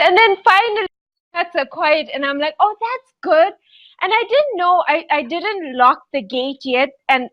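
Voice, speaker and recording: A woman on a podcast telling a rambling story in casual chat, animated and giggly with lots of fillers. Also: sits high, dry recording, dull audio. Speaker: podcast co-host.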